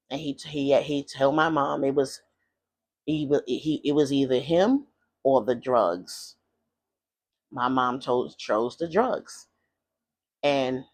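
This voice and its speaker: A vlogger telling a personal story in a rambling, hesitant way, full of fillers and restarts. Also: male voice, mid-range voice, gravelly.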